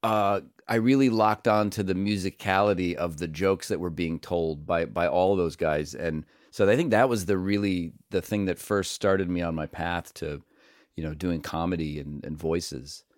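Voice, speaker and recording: A man's voice: low voice, moderate pace, no echo, studio quality. A man who does comedy and voice work, telling stories loosely and swearing freely in a casual interview. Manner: animated, swearing storyteller. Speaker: comedian and voice actor.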